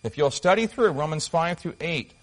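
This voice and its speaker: A pastor whose voice sits a bit higher than most men's preaches earnestly, pressing hard on key phrases. His tone is animated and fairly bright, and he pauses and restarts while reading and explaining passages. The recording quality is poor.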